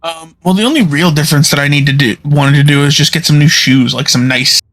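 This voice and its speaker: A man's voice: a little high, fairly quick, a bit bright. A man playing a tabletop game, chatting casually and searching for words as he goes. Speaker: player.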